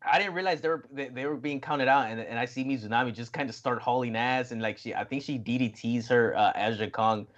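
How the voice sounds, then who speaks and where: A man's voice: medium pitch, fairly quick, few pauses, a bit bright, highs cut off. A man co-hosting a wrestling podcast in casual chat, tipsy, swearing and rambling with lots of laughter. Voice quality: profane and rambling. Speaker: podcast co-host.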